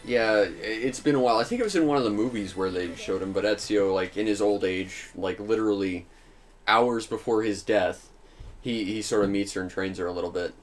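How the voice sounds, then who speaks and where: A man's voice: on the low side, a little fast, faint music behind. A young man hosting a casual gaming video, rambling and laughing often. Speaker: let's play host.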